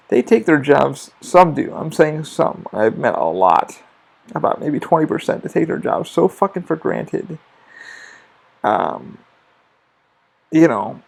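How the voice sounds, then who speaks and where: A man's voice: fairly high pitch, creaky, husky. A man hosting his own podcast, talking as a theme park worker in a rambling, profane, casual monologue that restarts often. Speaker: podcast host.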